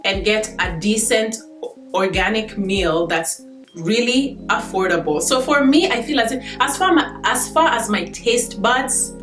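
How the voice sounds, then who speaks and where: A woman's voice: mid-range voice, animated, unhurried, fairly bright tone, echoey room, faint music behind. A Kenyan woman in her thirties, chatting casually to camera as a vlogger, laughing between points.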